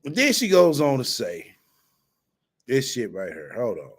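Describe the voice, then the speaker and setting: A man hosting a casual commentary stream. He swears freely, mocks and laughs often, and his voice swings up and down with lively pitch. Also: a little slow, pauses often, breathy edge. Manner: profane, mocking, laughs often. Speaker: host.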